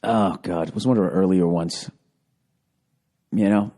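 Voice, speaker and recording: In a deep, mellow voice with a steady tone, a man unhurriedly rants through a sarcastic, profanity-laden comedic monologue for his podcast. He's at home, using a handheld digital recorder.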